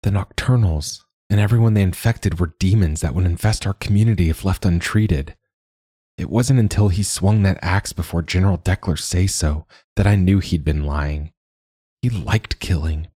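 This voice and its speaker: A man voicing a calm, earnest young female recruit in an audiobook story. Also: low-pitched, moderate pace, slightly rough, dry recording, studio quality.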